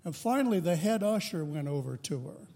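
A man preaching a sermon as pastor, deliberate and measured, with joking asides to the congregation. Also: high-pitched, expressive, gravelly, dark tone, long reverb tail. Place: church sanctuary.

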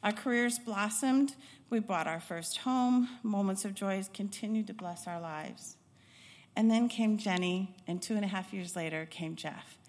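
A middle-aged woman from Chicago, a former pediatric nurse and instructor, tells her life story in a reflective, unhurried way, often pausing with hesitations. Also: medium pitch, a little mellow. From Chicago, United States. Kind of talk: personal life-story talk. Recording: long hall reverb.

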